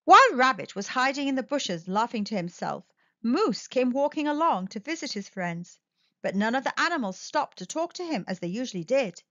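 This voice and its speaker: A woman's voice: fairly high pitch, big pitch swings, normal speed, pushed and bright, no room sound, muffled recording. A woman host reading a children's storybook aloud in a sing-song storytelling manner.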